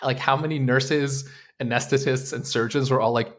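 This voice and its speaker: A man's voice: medium pitch, huge pitch swings, measured pace, a bit bright, shouting. A man co-hosting a podcast, chatting casually, laughing often and repeating himself. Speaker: podcast co-host. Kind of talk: casual chat.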